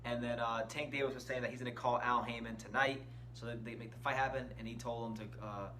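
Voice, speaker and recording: A man's voice: medium pitch, little pitch movement, quick pace, pushed and bright, a little hiss or hum. A man hosting a casual boxing channel, giving opinionated commentary and stressing key words, speaking from an indoor room. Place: indoor room with shirts on the wall.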